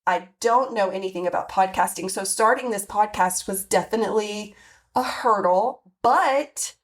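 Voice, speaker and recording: At normal speed and medium pitch, a forties-aged woman hosting a podcast shares a candid personal monologue. She reflects openly, often pausing on fillers and restarting her sentences.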